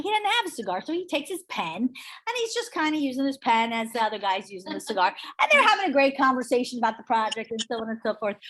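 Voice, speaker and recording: A middle-aged woman leading a real estate sales training, chatty and energetic, telling stories to the room. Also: fairly high pitch, slight background noise. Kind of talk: training workshop talk.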